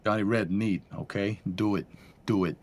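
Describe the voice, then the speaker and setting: A man's voice: lowish voice, steady tone, moderate pace, slight background noise. A man co-hosting a live broadcast, laid-back and chatty, calling everyone "dude". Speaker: livestream co-host. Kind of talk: casual live commentary.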